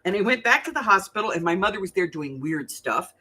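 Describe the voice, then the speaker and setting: Husky older woman, crafting host, bright tone, animated and foul-mouthed storyteller. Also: medium pitch, fast talker. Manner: animated, chatty, swears freely. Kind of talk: casual storytelling chat.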